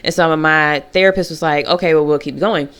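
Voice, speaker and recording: Animated woman telling a story to camera. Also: fairly quick, smooth. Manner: animated, swings into high mocking voices and laughs often. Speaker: vlogger.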